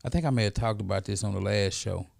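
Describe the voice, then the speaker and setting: A middle-aged man, a podcast guest, telling a story in a lively, casual way and often checking in with "right?". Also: on the low side, fast, gravelly, no room sound, studio quality.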